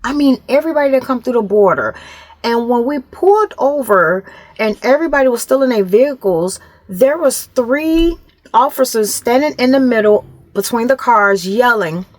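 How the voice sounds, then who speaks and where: A middle-aged woman vlogger telling a story to camera in a casual, animated way, acting out the other people's voices. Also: fairly high pitch, normal speed, no room sound.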